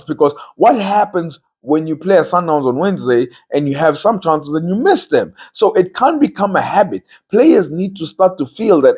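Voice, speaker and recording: A man hosting a football talk show, his voice slightly high and husky. He argues his opinions casually but emphatically, repeating key phrases for force. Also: big pitch swings, normal speed, a little mellow.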